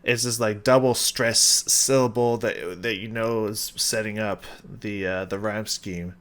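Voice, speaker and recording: A man with a lowish voice hosts a casual reaction video, speaking a little slowly but excitably, swearing often and laughing between thoughts.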